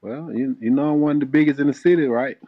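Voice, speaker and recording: A man from Atlanta calling into a live stream, answering in a loud, boastful way. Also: medium pitch, fast, muffled recording. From Atlanta, US South. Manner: loud, boastful, brief replies. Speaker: caller.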